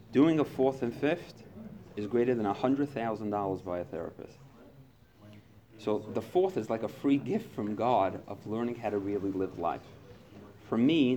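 A man speaking to a recovery group, animated, acting out his own inner voice and past phone calls. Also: lowish voice, a little hiss or hum.

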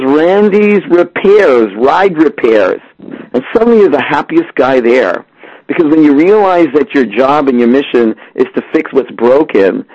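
A man teaching a Torah class, answering a question with lively storytelling. His voice comes through muffled and lo-fi, with a flat, dry sound and no room around it. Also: mid-range voice, no room sound. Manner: animated storyteller who acts out little scenes.

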